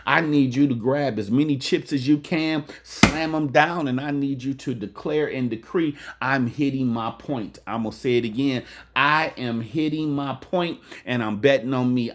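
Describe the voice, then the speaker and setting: Man preaching motivation, call-and-response, repeats lines, colloquial, mid-pitched. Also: background noise. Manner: call-and-response, repeats lines for emphasis, says "amen" often; colloquial Southern Black church cadence with dice-game slang. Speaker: motivational speaker and pastor.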